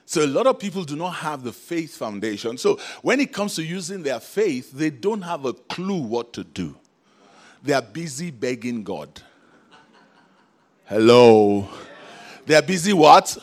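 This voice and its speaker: A man's voice: on the high side, big pitch swings, normal speed. Male preacher, call-and-response sermon, chuckles a lot. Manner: calls out to the congregation, rhetorical questions; laughs often between points.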